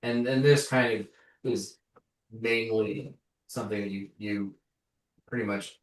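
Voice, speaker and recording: A man running a tabletop game, explaining lore haltingly while he searches for words. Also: lowish voice, steady tone. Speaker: game master. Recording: roomy, distant mic.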